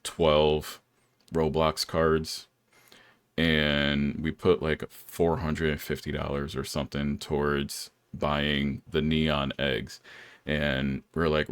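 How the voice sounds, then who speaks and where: A man's voice: rumbling low, monotone, slow, clean tone, no echo. A young man hosting a podcast, telling stories in a laid-back way and laughing often. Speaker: podcast host. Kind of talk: casual chat.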